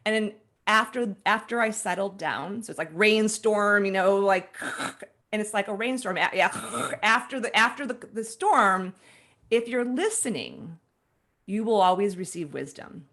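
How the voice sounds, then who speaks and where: A woman in her forties, a guest author telling a personal story in an interview, animated and laughing as she acts out her own past thoughts. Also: medium pitch, unhurried.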